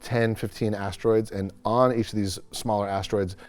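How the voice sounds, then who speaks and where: A man with a low voice narrates a tabletop game as game master, rambling casually and often restarting his sentences. Soft music plays faintly behind him. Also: fairly even intonation, moderate pace.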